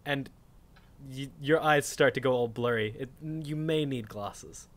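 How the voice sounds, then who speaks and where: A man's voice: mid-range voice, measured pace. A man running a tabletop game as game master, easygoing and patiently guiding the players.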